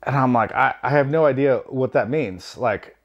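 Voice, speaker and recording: A man from the United States, perhaps in his thirties, tells a story from home in a casual, meandering way. His delivery is wry and self-deprecating, full of ums and asides, at a middling pitch. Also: moderate pace, dull audio. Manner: rambling, wry, self-deprecating, many fillers.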